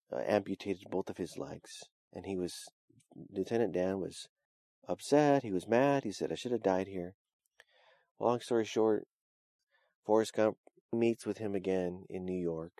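Man, preacher, dark mellow tone, slightly low pitch, conversational sermon. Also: no room sound, clean studio sound. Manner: conversational storytelling, frequent restarts and "uh". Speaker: pastor.

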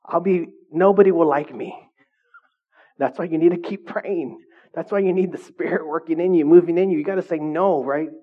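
A man's voice: fairly high pitch, fairly quick. Man preaching on a dull recording. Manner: conversational, keeps checking in with the congregation. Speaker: pastor. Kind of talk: sermon.

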